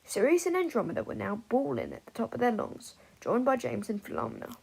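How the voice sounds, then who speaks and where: A woman narrating a fan fiction story aloud in an expressive audiobook style. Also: fairly high pitch, brisk, creaky, breathy edge, rough recording. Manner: expressive, voices each character.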